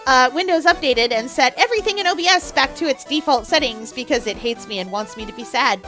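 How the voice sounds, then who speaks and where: A woman's voice: sits high, expressive, a little fast, over music. A young woman streamer chatting and joking with her viewers during a live game stream. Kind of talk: live gaming stream chat.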